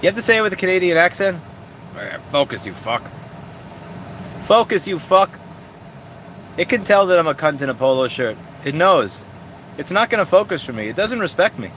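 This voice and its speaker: A man hosting a casual driving vlog rants bluntly and sarcastically, swearing a lot as he demonstrates a car door in and around a car outdoors. His voice is high, fairly bright and very animated, brisk but with long pauses, and there's a little hiss or hum.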